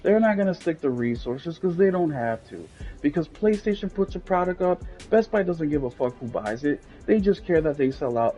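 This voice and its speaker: A man's voice: on the high side, mellow, highs cut off. A man co-hosting a casual gaming podcast, telling a story in a blunt, ranting way with plenty of swearing. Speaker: podcast co-host.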